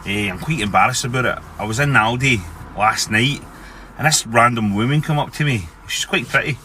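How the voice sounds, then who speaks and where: A man with a Scottish accent telling an embarrassing story in a sheepish, deadpan way. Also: medium pitch, a little fast, a little hiss or hum. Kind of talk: casual storytelling to camera.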